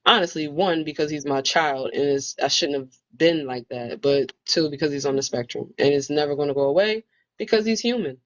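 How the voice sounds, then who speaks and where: A woman's voice: low-pitched, fairly quick. A woman in a casual book club conversation, telling a personal story in a reflective, storytelling manner. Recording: muffled lo-fi audio.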